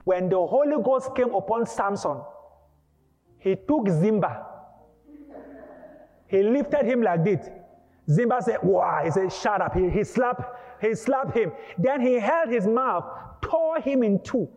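A male preacher delivering an emphatic, dramatic sermon, breaking into shouts. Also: sits high, expressive, takes it slowly, pauses often. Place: church hall. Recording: dull lo-fi with long hall reverb.

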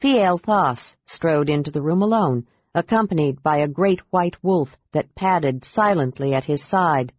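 Husky-voiced fantasy audiobook narrator. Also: mid-range voice, unhurried, darkish tone, dry recording. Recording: dull, dry audiobook sound.

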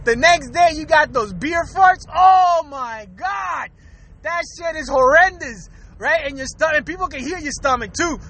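A man with a very high, bright voice rants loosely through his own show. He swears freely, laughs between thoughts and stumbles over repeated words. The delivery is loose and chatty. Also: normal speed, slight background noise. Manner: laughs often between lines, profane and rambling; repeats words and restarts while talking. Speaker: podcast host. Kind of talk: casual comedic rant.

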